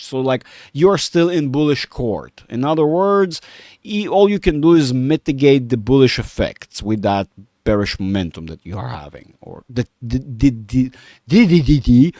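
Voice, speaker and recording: A man talks loosely through stock charts in a dry, close-miked recording, mid-pitched and unhurried. He rambles, stumbles over his words and jokes with his viewers as he goes. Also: darkish tone, dry recording. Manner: rambling, self-mocking, chats with viewers. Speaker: market analyst streamer. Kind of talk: casual live chart commentary.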